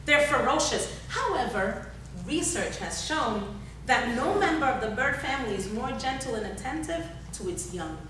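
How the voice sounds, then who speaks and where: A woman's voice: high-pitched, big pitch swings, normal speed, noisy background. A woman giving a motivational workshop talk, urging her audience with repeated calls and questions, recorded in a large hall. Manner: exhorting, repetitive, asks the audience questions. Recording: echoey hall, speaker far from the recorder.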